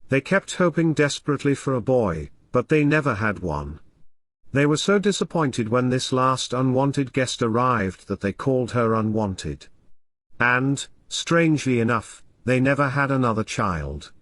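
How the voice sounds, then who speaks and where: Here the same male narrator reads dialogue for an exhausted young mother of three, bitter and dripping with sarcasm. Her voice is lightly acted, a little slow, set a touch lower and softer than the narration but with lively pitch movement. The audio is dry and close, with no echo or room around it.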